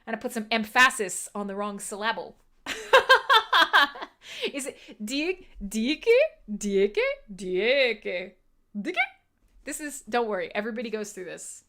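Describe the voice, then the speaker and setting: A woman chats on a casual livestream, her voice bright and ringing. She talks in a lively, swooping way and laughs often. She drops in a casual swear now and then. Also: on the high side. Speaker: livestream host.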